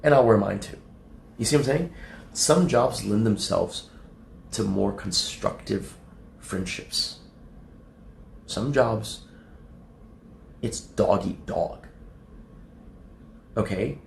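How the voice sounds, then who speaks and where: A young adult man streaming casually to his chat, profane and rambling, laughing often and acting out quotes in a high mocking voice. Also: creaky, reverberant, a little hiss or hum. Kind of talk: casual livestream talk to chat.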